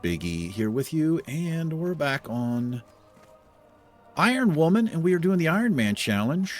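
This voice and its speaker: A man's voice: a little high, very animated, measured pace, soft background music. A man hosting a video game let's play, giving laid-back commentary with casual swearing and chuckles. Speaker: host.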